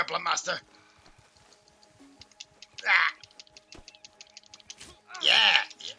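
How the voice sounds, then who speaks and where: A man hosting a game stream, giving excitable, shouty commentary with playful trash talk. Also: on the high side, moderate pace, creaky, long pauses, soft background music. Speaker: gaming host. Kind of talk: live gameplay commentary.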